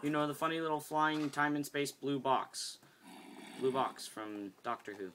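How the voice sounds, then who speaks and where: A woman with a very deep voice that still carries a bright, forward edge. She talks through a game tutorial in a casual, rambling way, often sidetracked mid-sentence. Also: normal speed, slight background noise. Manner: rambling, easily sidetracked, chatty. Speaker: video game tutorial host.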